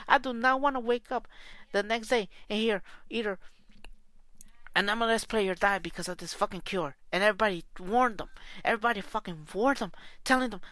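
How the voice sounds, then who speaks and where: A woman's voice: medium pitch, brisk, a bit bright, no echo. Furious profane woman ranting. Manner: heated, profane, repetitive. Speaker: soccer fan podcaster. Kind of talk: angry solo rant.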